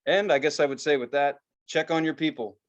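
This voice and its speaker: A man's voice: on the high side, fairly quick. A young adult man co-hosting a podcast, telling stories in casual chat with lots of cursing and acted-out quotes. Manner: profane, animated storytelling with voiced quotes. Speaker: podcast co-host.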